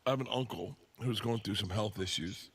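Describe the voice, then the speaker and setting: A man casually telling a story on a podcast, relaxed and halting with fillers. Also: on the low side, breathy edge.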